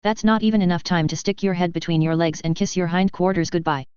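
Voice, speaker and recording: A man's voice: high voice, fast talker, a little mellow, clear, resonant tone, no echo, lightly acted. A narrator voicing a brash, sardonic male mercenary commander in a spoken fan story, with a dull, lo-fi sound. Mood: cocky. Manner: cocky and sardonic. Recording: dull lo-fi dry audio.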